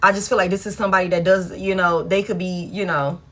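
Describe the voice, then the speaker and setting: A woman's voice: on the low side, little pitch movement, quick pace. A woman giving a casual live tarot reading, blunt and frank, swearing freely and repeating herself for emphasis. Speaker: tarot reader.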